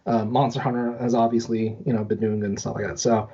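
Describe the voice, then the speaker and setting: A man co-hosting a casual gaming podcast, animated and laughing easily, with some swearing. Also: fairly low pitch, fast talker, breathy edge. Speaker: podcast co-host. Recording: dull lo-fi podcast audio.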